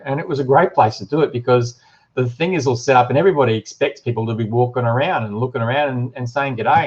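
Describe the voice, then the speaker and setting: A man's voice: medium pitch, darkish tone. Chatty Australian man, dull lo-fi stream. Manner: chatty, reads viewer comments aloud, lots of ums and uhs. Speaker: livestream host and shop owner. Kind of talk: casual live-stream chat.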